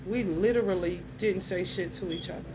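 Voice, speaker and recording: Against a noisy background, a female vlogger with a voice on the low side talks briskly in a casual monologue to her viewers. She tells her story bluntly and heatedly, cursing a great deal.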